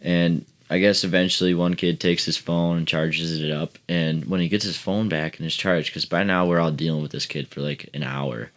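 A man's voice: sits low, fairly even intonation, moderate pace, few pauses, a bit bright. A man in casual podcast chat, telling a rambling, profane story full of fillers. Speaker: podcast co-host.

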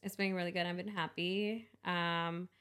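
A woman's voice: fairly low pitch, level tone, normal speed, a bit bright, smooth. A young woman co-hosting a podcast in casual chat, talking in a rambling way with restarts and laughs. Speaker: podcast co-host.

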